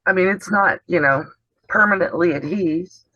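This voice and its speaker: Over dull, dry video call audio, a male sewing channel host with a high, pushed, bright voice speaks at normal speed, with no room sound. His casual demonstration is chatty and explanatory, and he frequently trails off partway through sentences.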